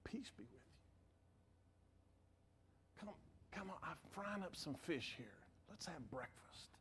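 A preacher voicing Jesus as a gentle, soft-spoken man, dropping his voice low and quiet. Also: lively intonation, takes it slowly, a little hiss or hum, full character voice. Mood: tender. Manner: hushed, low and tender.

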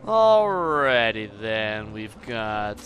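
A man's voice: on the low side, sing-song, very slow, muffled recording. A man hosting a gaming channel, commenting casually on his gameplay with crude jokes and swearing. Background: faint game music.

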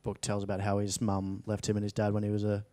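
A man's voice: lowish voice, completely flat delivery, fast, dark tone, no echo. A young Australian man in his late teens, an actor chatting casually in a studio interview, rambling with frequent restarts and fillers. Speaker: actor guest.

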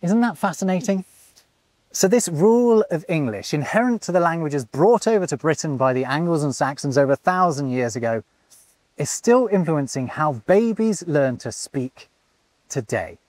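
Man, animated explainer, swooping lively intonation, close dry studio sound. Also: a little high, moderate pace, dry recording. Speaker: host. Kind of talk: scripted presenter narration.

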